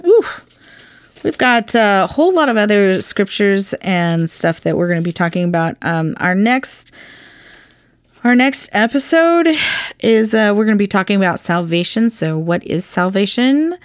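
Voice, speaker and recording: A woman's voice: medium pitch, sing-song, measured pace, clean tone, dry recording, studio quality. A woman hosting a Bible teaching podcast, talking in a chatty, earnest way with lots of ums and restarts.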